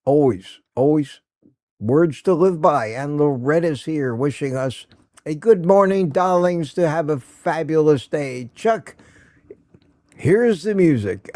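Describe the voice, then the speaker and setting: A man's voice: fairly high pitch, expressive, slow, pauses often, darkish tone, no room sound. A male live stream host chatting casually, greeting viewers by name and reading their comments aloud in a folksy, affectionate way. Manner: folksy and affectionate, laughs often.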